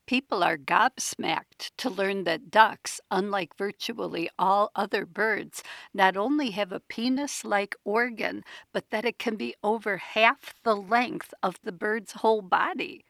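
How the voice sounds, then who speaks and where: A woman in her sixties, a writer on birds, reading a personal essay in a chatty, wry way with lively asides. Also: medium pitch, a little slow, vocal fry, no room sound. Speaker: bird writer.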